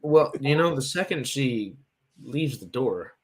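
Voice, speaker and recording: A man from the southern United States, near Louisiana, co-hosting a podcast and chatting in a quick, rambling way. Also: mid-range voice, animated, a little hiss or hum. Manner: fast, rambling talk. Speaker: podcast co-host. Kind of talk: casual chat.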